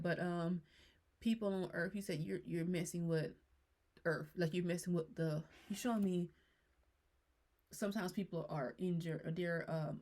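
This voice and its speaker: A woman tarot reader in a casual monologue, passing on messages she says she receives, in rambling, hesitant speech that grows animated when she gets excited. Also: lowish voice. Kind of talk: casual spiritual channeling monologue.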